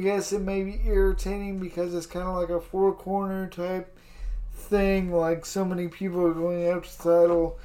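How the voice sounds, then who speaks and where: A man's voice: high-pitched, a little mellow. A man chatting casually about wrestling, laid-back and rambling, often calling his partner dude. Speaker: co-host.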